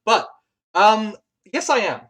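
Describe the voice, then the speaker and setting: A man narrating a tabletop game as game master, halting often with fillers and restarts. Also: sits high, sing-song, fairly bright tone.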